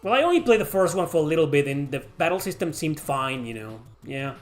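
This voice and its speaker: A man's voice: on the high side, very animated, fast talker, faint music behind. A man casually answering chat questions on a livestream, rambling and swearing freely.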